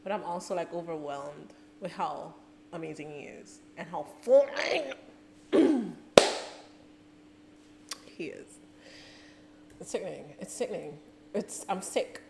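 A woman hosting a reaction video, gushing and excitable in casual commentary, often talking to herself. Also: fairly low pitch, unhurried, vocal fry, long pauses, noisy background. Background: faint music playing.

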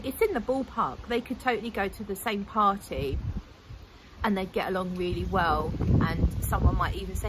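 A woman's voice: medium pitch, heavy background noise. Chatty woman in her forties. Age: 40s. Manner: chatty, rambling, enthusiastic. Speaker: fragrance vlogger. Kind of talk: casual chat.

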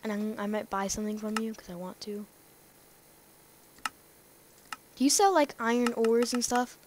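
A woman rambling through casual gameplay commentary, talking excitedly to herself and to the game's characters. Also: medium pitch, brisk, background noise. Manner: rambling, excitable self-talk to the game. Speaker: let's play gamer.

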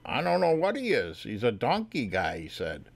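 A man's voice: mid-range voice, wildly swooping pitch, moderate pace, gravelly, husky. A man baiting scam callers on the phone, teasing them with silly fake names and mocking replies. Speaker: scam baiter. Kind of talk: prank phone call.

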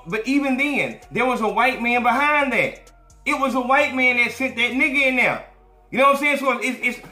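A man hosting a podcast tells stories in loose, profane, animated talk. His voice sits high and sounds bright and forceful. It echoes around the room over faint music. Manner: profane, animated, acts out quotes. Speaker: podcast host. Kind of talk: casual storytelling chat.

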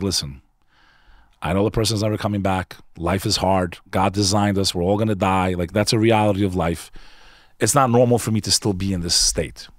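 This low-voiced man is a podcast guest sharing a personal story with candid, earnest emphasis and a casual tone, tossing in "bro" again and again. The studio recording is clean, with no echo.

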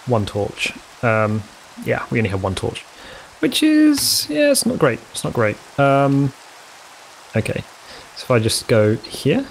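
A man talks through a game in a relaxed, rambling way. He counts under his breath and throws in self-mocking jokes. His voice sits at a middling pitch, with a faint hiss behind it. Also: low-quality recording. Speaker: let's play host. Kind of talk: casual gameplay commentary.

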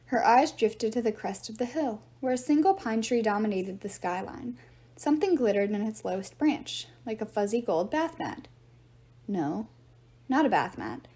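Mellow woman reading a novel aloud. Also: a little high, normal speed. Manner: steady storytelling narration. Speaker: reader.

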